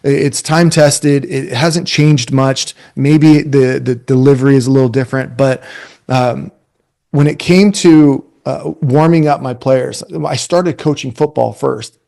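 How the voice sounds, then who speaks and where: A man in his forties giving a casual webinar talk to youth coaches, retelling stories in a conversational, energetic way. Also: medium pitch, unhurried, gravelly. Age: 40s.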